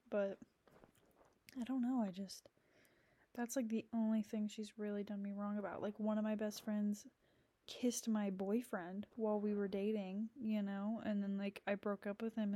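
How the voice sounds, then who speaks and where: Young woman host, casual rambling monologue, blunt and profane, mellow tone, dry close sound. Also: mid-range voice, level tone, normal speed, no room sound. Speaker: podcast host.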